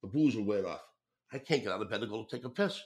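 A man's voice: on the low side, lively intonation, fast. An older man, a former hockey player telling rowdy locker-room stories on a podcast, swearing freely and laughing through them. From Boston area. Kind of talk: casual storytelling.

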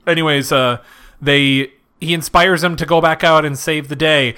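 Bright-voiced man in casual movie banter. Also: a little high, steady tone, moderate pace, clear, resonant tone. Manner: rambling, swears, laughs often. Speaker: podcast co-host.

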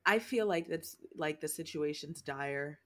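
A woman with a fairly low voice talks through her thoughts on a podcast. Her sentences wander and restart, padded with fillers, in an easy conversational tone. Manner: rambling, halting, many fillers and laughs. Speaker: podcast co-host. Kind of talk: casual chat.

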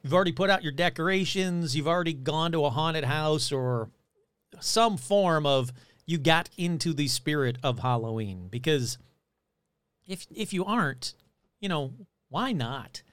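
A man hosting his own podcast in a chatty, rambling way, reading out shout-outs and plugs. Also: a little high, a little slow, clean tone, no room sound. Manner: chatty, rambling, animated delivery. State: losing his voice. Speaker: podcast host. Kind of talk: casual podcast chat.

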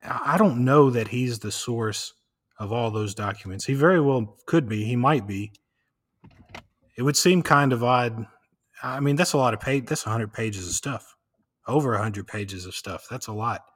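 A man with a Southern US country accent hosting a podcast, talking in a casual, drawn-out, rambling way with plenty of swearing. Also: medium pitch. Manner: drawling, rambling, laid-back, swears casually. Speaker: podcast host.

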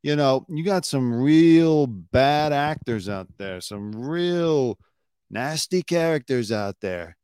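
A man's voice: medium pitch, animated, slow pace, darkish tone, clear, resonant tone, no room sound, studio quality. Sarcastic man riffing on the news. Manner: sarcastic, mocks pundits in put-on mopey voices. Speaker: news commentary host. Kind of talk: casual news commentary.

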